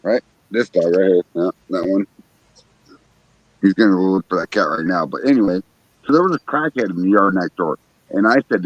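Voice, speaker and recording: A deep-voiced man chats on a livestream from his backyard at night and tells a profane story, acting out the other voices as he goes. His voice is dry and close, and the stream audio is dull and lo-fi. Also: breathy edge, dry recording. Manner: profane storytelling, acts out other people's lines. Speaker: livestream host. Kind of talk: casual livestream chat.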